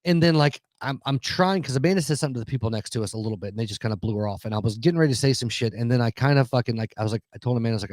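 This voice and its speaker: A man rattles off a story at a brisk clip, swearing constantly as he vents. His voice sits at a middle pitch, and the sound is dry and close. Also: darkish tone, dry recording. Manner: profane, heated storytelling. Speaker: podcast co-host. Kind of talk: casual podcast chat.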